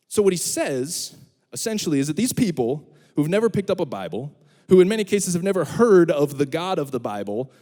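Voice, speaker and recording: A young male student pastor preaching with humor, acting out little voices as he tells a story. His voice sits high and swings widely in pitch. It rings with the long reverb of a large auditorium. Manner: animated storyteller, acts out voices. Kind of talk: youth sermon with humor.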